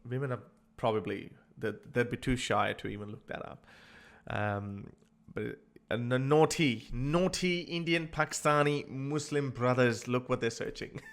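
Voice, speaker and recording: A man's voice: mid-range voice, normal speed, gravelly. A man giving comedic vlog commentary, mocking and laughing often, stammering when he gets flustered. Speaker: YouTube commentator.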